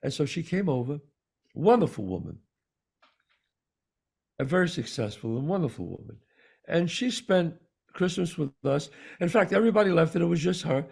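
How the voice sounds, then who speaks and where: A man's voice: a little high, lively intonation, moderate pace, gravelly, long pauses, darkish tone, husky. A man co-hosting a podcast, telling a story in casual chat and repeating words for emphasis. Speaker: podcast co-host.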